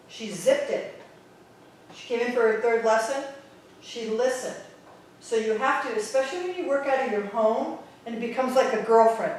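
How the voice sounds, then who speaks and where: A woman's voice: on the high side, normal speed, darkish tone. A woman with a Bronx New York accent, a Pilates instructor giving a blunt, sarcastic teaching talk to other instructors. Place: Pilates studio. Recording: very echoey room, distant mic.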